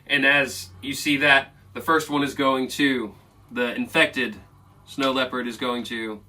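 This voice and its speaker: Bright-voiced game master narrating a fight. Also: male voice, mid-range voice, level tone, measured pace. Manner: casual, loose narration with fillers. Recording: distant mic with faint music.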